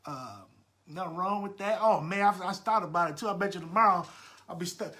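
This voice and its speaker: A podcast host talks to his live listeners in a loose, friendly way and greets them by name as they join. His voice sits high and sounds bright and forward. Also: a little fast. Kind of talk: casual live podcast chat.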